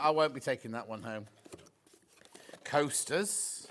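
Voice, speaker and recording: A man's voice: mid-range voice, moderate pace, background noise. A man, presenting live on a TV shopping channel in a chatty, storytelling way. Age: 60s. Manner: chatty, anecdotal, animated storyteller. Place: TV studio.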